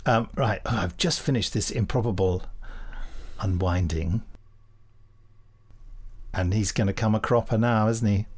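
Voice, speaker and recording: A man's voice: fairly low pitch, unhurried, long pauses, breathy edge. A man co-hosting a casual commentary podcast, joking and playful as he talks over an episode. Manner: jokey, playful, drops into silly voices. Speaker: podcast co-host.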